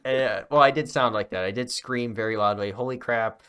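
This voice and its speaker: A man from Michigan hosting a casual comedy podcast, telling rambling tall tales with a deadpan delivery. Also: medium pitch, fairly quick, smooth. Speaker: podcast host.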